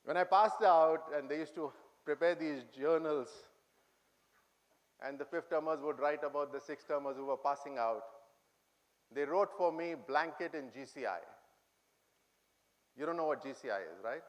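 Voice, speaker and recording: A man's voice: on the high side, normal speed, long pauses. A middle-aged man with an Indian English accent, speaking to cadets in an auditorium, telling humorous memories and quizzing his listeners. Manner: humorous, reminiscing, quizzes the audience. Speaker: guest speaker addressing cadets. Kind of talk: anecdotal speech to an audience.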